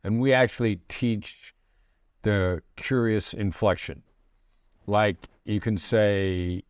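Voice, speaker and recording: A middle-aged man, a negotiation expert guest in an interview, explaining his ideas in a measured way with pauses and restarts. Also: lowish voice, darkish tone, no room sound, studio quality. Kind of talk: conversational interview answers.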